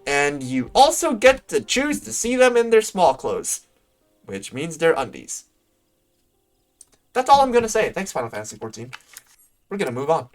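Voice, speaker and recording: A man's voice: on the high side, very animated, moderate pace, long pauses. Guy livestreaming a game, jokey and self-deprecating, voice all over the place, faint music under it. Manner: joking, self-deprecating asides. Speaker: streamer. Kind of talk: live game stream commentary.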